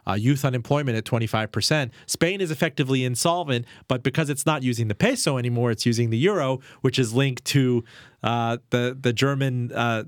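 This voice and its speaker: A man's voice: mid-range voice, fairly quick, no room sound, clean studio sound. A man hosting a finance interview, asking probing, rhetorical questions and laying out events with dates and figures. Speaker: interview host.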